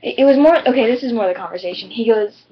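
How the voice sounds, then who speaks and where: With a breathy edge to her voice, which sits on the high side, a teenage vlogger talks fast as she tells a story to camera. It's chatty and rambling, full of "like" and "you know," recorded as dull lo-fi webcam audio.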